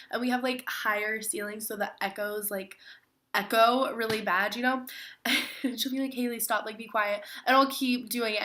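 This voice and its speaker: A woman's voice: mid-range voice, bright, forceful tone. A teenage girl, sick and stuffy, chatting casually to camera in a self-mocking way, saying "like" constantly. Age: teens. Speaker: vlogger. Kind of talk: casual chat.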